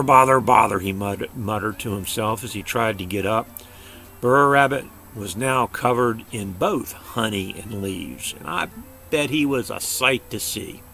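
A man's voice: medium pitch, vocal fry, a bit bright. An older man reading a children's story aloud in a chatty way, stopping to explain things.

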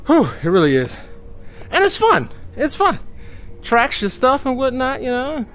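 A man giving live commentary while playing a VR fighting game. He trash-talks his opponent, lets out loud whoops and makes chatty asides to viewers. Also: very high-pitched, wildly swooping pitch, unhurried, over music.

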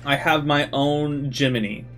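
A man's voice: a little high, steady tone, unhurried, a bit bright, faint music behind. A man giving loose, chatty commentary while playing a game, full of casual asides. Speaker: gaming video host.

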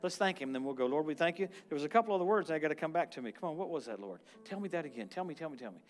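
A man preaching at a church service as a guest minister. His delivery is animated and charismatic, jumping from loud exclamations to quiet, murmured prayer. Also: on the high side, racing, soft background music.

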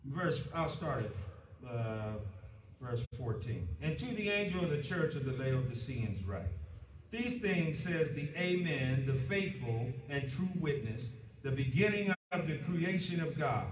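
A man's voice: mid-range voice, animated, slight background noise. Preaching man in an echoey church. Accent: American. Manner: preaching with rising emphasis and slow drawn-out stresses. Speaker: pastor. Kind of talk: sermon. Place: church sanctuary. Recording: echoey church from a distant mic.

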